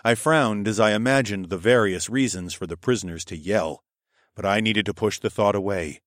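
A man narrating a first-person fantasy audiobook in a measured, steady storytelling manner. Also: on the low side, no room sound, studio quality.

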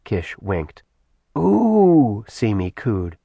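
Low-voiced male audiobook narrator. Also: a little slow, no room sound. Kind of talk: scripted narration.

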